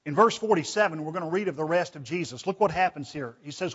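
A man's voice: a little high, lively intonation, quick pace, few pauses, a bit bright, breathy edge, lo-fi sound. A man preaching a Bible study in a folksy, conversational way, reading scripture aloud with his own asides. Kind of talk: sermon.

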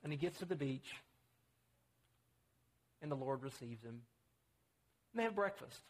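A man's voice: animated, unhurried. A man preaching a conversational sermon, acting out the quotes he reads. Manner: conversational, acts out quotes with rising pitch.

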